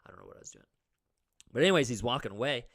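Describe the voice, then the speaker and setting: A young man co-hosting a podcast, telling a story in a casual, animated way, full of "like" and loud acted-out quotes. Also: medium pitch, rapid-fire. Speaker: podcast co-host.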